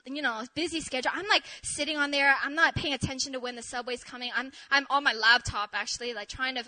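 A young woman telling an animated story to an audience, excitable and laughing often. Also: high-pitched, fast, low-quality recording. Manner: excitable, shrieks in re-enacted moments, laughs often. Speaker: speaker sharing a testimony.

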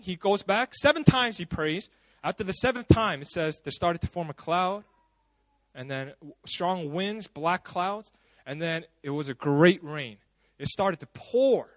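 A man preaching a sermon at a church service, retelling stories in a casual, animated way with frequent conversational asides. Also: high-pitched, a little slow, no echo. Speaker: pastor.

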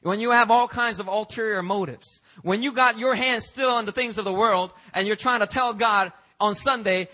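Male preacher, church sermon, bright forceful tone, slightly high voice, emphatic, conversational with fillers. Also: normal speed, hardly any pauses, low-quality recording. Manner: emphatic, swings between loud highs and quiet lows. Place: church service.

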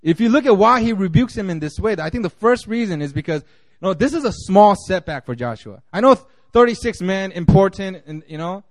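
Man preaching a sermon, high voice. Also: lively intonation, brisk, no echo. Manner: conversational, many fillers and restarts. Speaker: pastor.

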